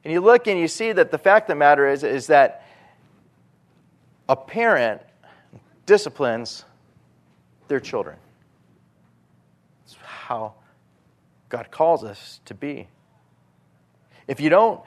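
A male preacher delivering a sermon in a somewhat high voice. He is animated, pushing some lines out loudly and dropping others to quiet asides. His talk is plain and conversational. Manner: animated, swings between loud emphasis and quiet asides.

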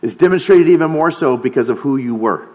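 A man's voice: mid-range voice, lively intonation, a little fast, a little mellow. A man preaching a sermon, emphatic, dropping to a near-whisper on key phrases.

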